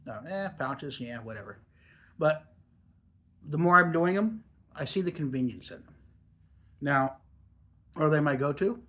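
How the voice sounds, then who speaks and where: Chatty higher-voiced male reviewer. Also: lively intonation, measured pace, long pauses, a bit bright. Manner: chatty, rambling, easygoing. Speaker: product reviewer. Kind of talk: casual review vlog.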